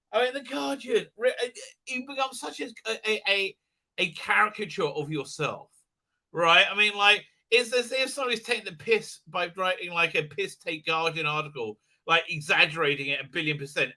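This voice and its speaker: Middle-aged man, high bright voice, rambling blunt live-stream host. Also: lively intonation, moderate pace. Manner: rambling, many fillers, jokey and blunt. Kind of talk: casual live-stream commentary.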